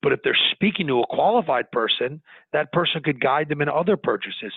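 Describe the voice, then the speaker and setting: A man's voice: fairly high pitch, a little fast, slightly rough, no room sound. Earnest businessman on a tinny phone line. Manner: earnest, animated, talks in bursts with restarts. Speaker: business owner guest. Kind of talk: conversational interview.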